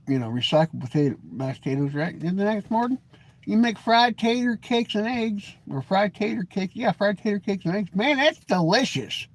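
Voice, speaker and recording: A man from the Pacific Northwest hosting a casual, rambling live stream, folksy and joking, calling himself grumpy. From Washington state. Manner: lively pitch swings, mimics voices in anecdotes.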